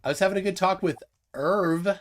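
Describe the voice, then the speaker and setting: A man's voice: high-pitched, brisk, faint music behind. A man hosting a live stream in casual chat, rambling with many restarts and fillers. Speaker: livestream host.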